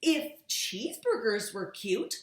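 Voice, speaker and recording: A woman's voice: on the high side, huge pitch swings, takes it slowly, roomy sound, pitched above the performer's own voice, heavily acted. A woman doing a sly, chatty storybook wolf. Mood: confiding. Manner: chatty, confiding, defensive. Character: cheeky male wolf narrator, sly and self-justifying.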